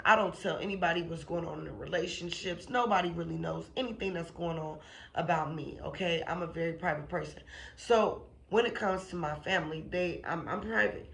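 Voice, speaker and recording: A woman's voice: on the low side, vocal fry, fairly bright tone. A woman sharing a personal faith testimony in a casual, emphatic way. She repeats phrases for emphasis and keeps checking in with "okay?" and "you know what I'm saying?". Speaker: channel host giving a faith testimony.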